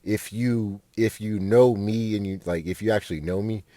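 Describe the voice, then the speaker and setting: A man's voice: lowish voice, steady tone, normal speed, mellow, dry recording. A young man, a podcast host telling a rambling, profane story with lots of fillers. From Fort Worth, Texas. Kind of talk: casual storytelling monologue.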